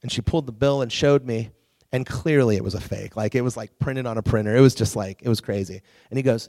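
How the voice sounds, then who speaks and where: With a mid-range voice and a quick pace, this man preaches to a youth group, bringing his stories to life by acting out the quotes. The sound is clean and studio-made, without echo.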